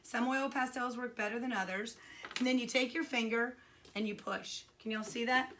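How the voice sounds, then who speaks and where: Older female art teacher, crisp bright voice, pitched a bit high, casual and encouraging. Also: fairly even intonation, moderate pace, a little hiss or hum. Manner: chatty, enthusiastic, encouraging. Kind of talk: casual home video lesson. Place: room at home, alone.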